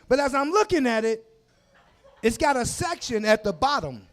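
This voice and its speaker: A man in his forties doing a crude, animated stand-up set on a comedy club stage, shouting his punchlines into a handheld mic. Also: very high-pitched, moderate pace, vocal fry, long pauses. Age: 40s. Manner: loud, crude, animated storytelling with shouted asides.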